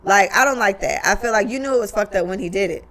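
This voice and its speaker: Blunt gravelly woman podcaster. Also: medium pitch, fast talker, a bit bright. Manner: blunt, profane, opinionated. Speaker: podcast co-host. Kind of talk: casual podcast chat.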